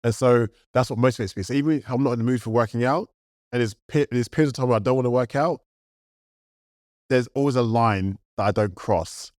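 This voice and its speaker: A man's voice: mid-range voice, a little fast, a little mellow, no echo, clean studio sound. A man in casual chat as a podcast co-host, reflective, picking up speed when he makes a point.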